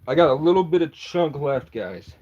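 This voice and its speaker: A man's voice: fairly high pitch, animated, moderate pace, a little mellow, muffled recording. A man livestreaming and chatting to his viewers, rambling and swearing as he talks. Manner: profane, rambling, answers chat.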